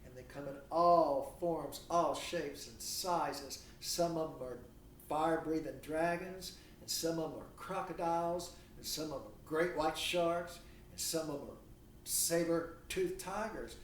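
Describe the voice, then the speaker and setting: A man's voice: a little high, a little slow, slight background noise. A man giving a lecture who asks rhetorical questions and acts out imagined dialogue. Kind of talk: recorded university lecture. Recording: echoey room, mic at a distance.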